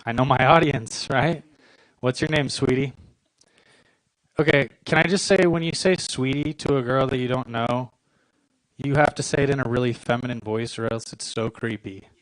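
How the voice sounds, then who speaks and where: A man's voice: mid-range voice, moderate pace, no room sound, poor audio. Dry-voiced young man doing stand-up. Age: 20s. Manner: deadpan, self-deprecating delivery with short punchlines. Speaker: stand-up comedian. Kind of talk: stand-up comedy set. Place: comedy club stage.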